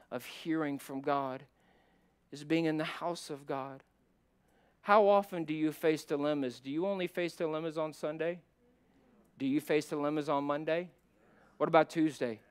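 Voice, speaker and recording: A middle-aged man preaching a sermon as a pastor, surging from loud emphatic climbs to low quiet asides. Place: church sanctuary.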